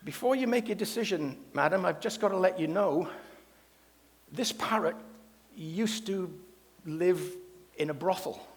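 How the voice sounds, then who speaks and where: A man's voice: high voice, expressive, measured pace, long pauses. A man voicing a frank, matter-of-fact male pet shop owner who talks like a salesman. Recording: long hall reverb.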